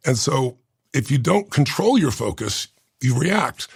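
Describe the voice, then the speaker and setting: Gravelly husky guy in his 60s, telling his life story all earnest and intense, dry close mic. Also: medium pitch, big pitch swings, unhurried, no room sound. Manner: earnest, intense, rough gravelly voice, moved to tears. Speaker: interview guest. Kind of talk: emotional personal storytelling.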